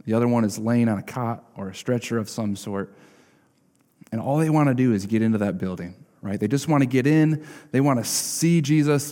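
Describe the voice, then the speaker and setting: A male pastor delivers a sermon in a relaxed, conversational way and keeps checking in with "right?". His voice is dark and mellow. A long reverb trails each phrase, as in a church sanctuary. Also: medium pitch.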